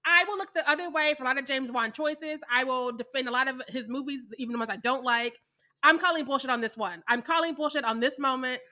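A woman's voice: high voice, fast talker, pushed and bright. A young adult woman co-hosting a podcast, chatting casually about films in an emphatic, sassy way, swearing freely and laughing often. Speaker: podcast co-host. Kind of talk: casual film chat.

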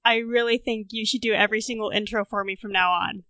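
A woman's voice: a little high, steady tone, fast talker, pushed and bright, no echo. A young American woman in her twenties, a veterinary student hosting a podcast, chatting casually and sounding easily amused. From United States. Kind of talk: casual interview chat.

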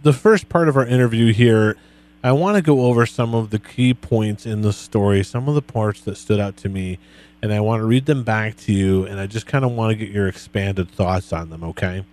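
A man hosting a podcast interview, talking in a relaxed, friendly way as he asks his guest questions. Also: lowish voice, moderate pace. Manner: relaxed, friendly, reads quotes back to the guest. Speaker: podcast host. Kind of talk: conversational interview.

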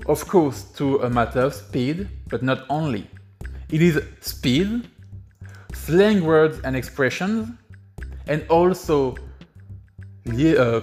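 Slow-talking man teaching his language. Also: mid-range voice, darkish tone. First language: French. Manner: explanatory, hesitant with frequent uh and um. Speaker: French teacher, podcast host. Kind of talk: podcast language lesson.

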